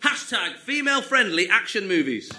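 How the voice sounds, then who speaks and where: A man's voice: sits high, sing-song, moderate pace. A man hosting a comedy panel show, reading out prompts and reacting to the panel's jokes. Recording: loud background noise.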